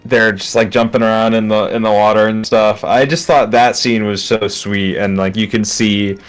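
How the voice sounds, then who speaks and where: A man with a fairly low voice co-hosts an easygoing podcast chat. He rambles as he thinks aloud, leaning heavily on fillers and unfinished phrases. Soft music plays faintly behind him. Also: steady tone, normal speed. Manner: rambling, heavy fillers like 'like' and 'um'. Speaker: podcast co-host. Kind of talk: casual chat.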